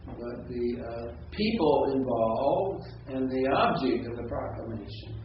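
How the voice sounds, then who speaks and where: A man's voice: medium pitch, lively intonation, measured pace, heavy reverb, recorded from a distance. Male professor, classroom lecture, muffled lo-fi recording, faint hiss. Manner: explanatory, checks in with frequent "right?" and "okay?". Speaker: seminary professor.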